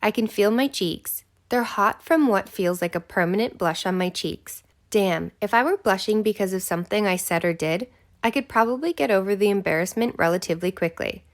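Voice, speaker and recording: A woman's voice: mid-range voice, brisk. A woman narrating a romance audiobook in the first person, with a breathless, intimate delivery.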